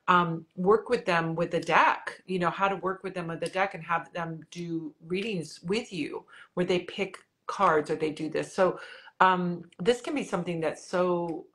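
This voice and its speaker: Enthusiastic woman podcast host, lowish voice. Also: moderate pace, fairly bright tone. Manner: enthusiastic and affirming, laughs often. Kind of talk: casual interview conversation.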